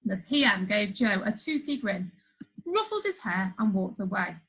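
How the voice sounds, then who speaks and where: A woman's voice: medium pitch, very animated, normal speed, a bit bright, husky, rough recording. A woman reading a funny children's story aloud, playful, with chatty asides to the listener. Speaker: storybook reader.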